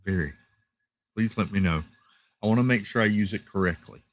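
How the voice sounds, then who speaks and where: A man hosting a casual live stream from home, reading viewer comments in a relaxed, chatty way with lots of fillers and repeated thank-yous. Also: lowish voice, a little fast, dry recording. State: tired, yawning. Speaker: livestream host. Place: home, rural area.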